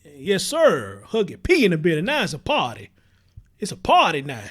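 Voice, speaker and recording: A man's voice: fairly high pitch, wildly swooping pitch, moderate pace, husky. A man hosting a casual livestream, chatting straight to his viewers and greeting them by name. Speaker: livestream host.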